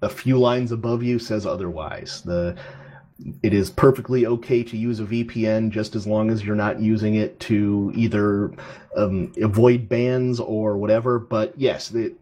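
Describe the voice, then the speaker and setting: Brief: husky-voiced man, co-host, calm explainer, lower pitch. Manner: measured, explanatory, many ums. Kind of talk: casual livestream chat.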